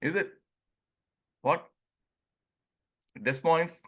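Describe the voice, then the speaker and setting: A man's voice: medium pitch, expressive, bright, forceful tone. A man from India with an Indian English accent, giving an informal online talk on pronunciation, chuckling often and acting out little dialogues. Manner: chuckles often, acts out dialogues, drawls words slowly. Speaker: presenter leading an online group session.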